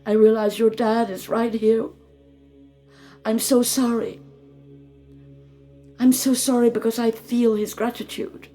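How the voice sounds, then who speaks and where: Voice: mid-range voice, level tone, unhurried, pauses often, warm tone, soft background music, pitched above the performer's own voice, close to an everyday voice. A channeler voicing a tearful grieving mother. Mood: tearful gratitude. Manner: tearful, breathless rush of feeling. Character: grieving widowed mother, overwhelmed with gratitude.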